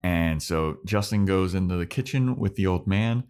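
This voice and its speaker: A young man co-hosting a podcast, casually recapping a TV episode with animated retellings and frequent laughter. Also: low-pitched, normal speed, smooth. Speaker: podcast co-host.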